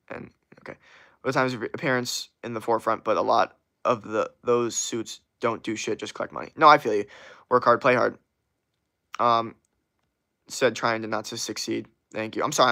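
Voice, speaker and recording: A man who hosts a casual livestream and reads viewer comments aloud. He rambles in a relaxed way and swears often, with an average pitch. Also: vocal fry. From USA. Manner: rambling, profane, laid-back. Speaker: livestream host.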